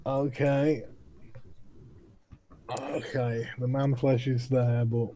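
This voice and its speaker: A man playing a tabletop game, relaxed and jokey. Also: medium pitch, very slow, noisy background. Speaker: player.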